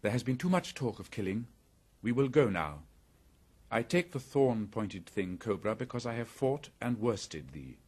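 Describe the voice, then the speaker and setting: A man voicing a fearless young jungle boy in an audiobook, raised and lively, proud and defiant. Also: mid-range voice, moderate pace, breathy edge. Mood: stern. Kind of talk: audiobook character voice.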